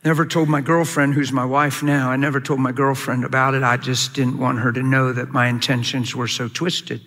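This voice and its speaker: A male pastor preaching a sermon to a live audience in a large hall. He tells his story with animated swings from loud shouts to quiet low asides. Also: normal speed. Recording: long echoing hall reverb.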